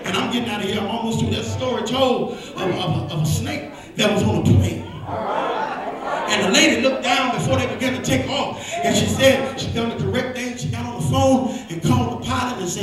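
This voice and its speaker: Man, pastor, high-pitched shouting sermon, "uh" between phrases, far from the mic, very echoey church, loud congregation. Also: a little fast, over a noisy crowd. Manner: shouting, chanting with breathy "uh" fillers. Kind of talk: call-and-response preaching. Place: large church sanctuary. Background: organ music and congregation responses.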